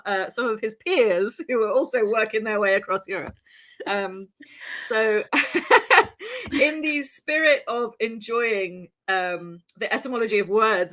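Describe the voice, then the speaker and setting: A woman hosts a podcast and tells a grim old tale in a loose, chatty way. She uses lots of ums, goes off on playful asides, and her pitch sits in a plain middle range. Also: fairly bright tone. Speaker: podcast host telling the story. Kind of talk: casual true-crime storytelling.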